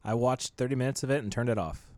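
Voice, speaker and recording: A man's voice: mid-range voice, fast talker, a little mellow, no echo. A young man co-hosting a casual film podcast, answering with dry, brief interjections. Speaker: podcast co-host. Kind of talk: casual film review chat.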